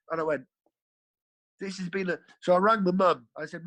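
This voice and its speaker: A man's voice: high-pitched, fairly even intonation, normal speed, long pauses, fairly bright tone, poor audio. A man, a podcast guest, telling his life story in a rambling, earthy way, correcting himself as he goes. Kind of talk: candid storytelling.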